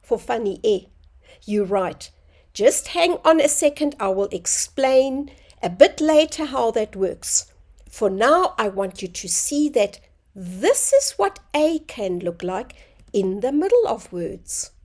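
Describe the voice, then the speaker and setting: A woman teaching a phonics lesson to young children, sounding out words slowly and clearly. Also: fairly high pitch, big pitch swings, darkish tone.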